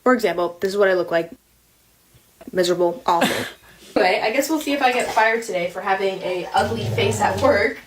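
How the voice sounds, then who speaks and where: A woman's voice: medium pitch, fairly quick, reverberant, background noise. A young woman in a get ready with me vlog, chatty and self-deprecating about work. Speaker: vlogger.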